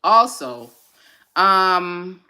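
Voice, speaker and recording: Bright-voiced chatty woman host. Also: fairly low pitch, lively intonation, very slow. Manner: chatty and encouraging, with fillers and side remarks to viewers. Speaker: host of a mental health segment. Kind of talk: casual live-stream chat.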